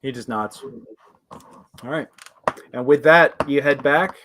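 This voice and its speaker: A man's voice: medium pitch, measured pace, background noise. A man running an online tabletop game as game master, narrating with many hesitant fillers.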